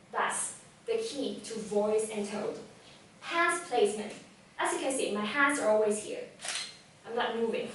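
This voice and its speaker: Addressing a live audience in an event hall, a young woman whose native language is Vietnamese delivers a motivational talk about public speaking in a lively, direct coaching manner, her voice a little high. The mic is far away, the hall echoes strongly, and a faint hum lingers.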